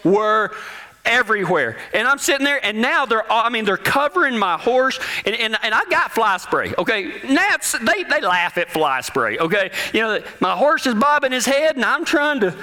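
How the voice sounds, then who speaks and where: A man spins a humorous cowboy yarn in a folksy, animated way. His voice sits unusually high and rings very bright. His pitch rises and falls a lot, and his phrases stumble and restart as he goes. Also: normal speed. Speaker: cowboy speaker. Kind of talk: humorous storytelling talk.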